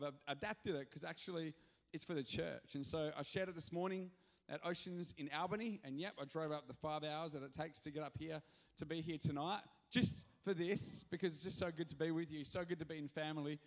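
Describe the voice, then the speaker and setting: A male pastor giving an animated, joking sermon with sudden loud rises in a church hall. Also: fairly high pitch, fast talker. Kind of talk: energetic sermon.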